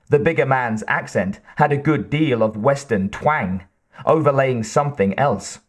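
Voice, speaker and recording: A man narrating an audiobook in a measured, even delivery. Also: medium pitch. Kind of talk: scripted narration.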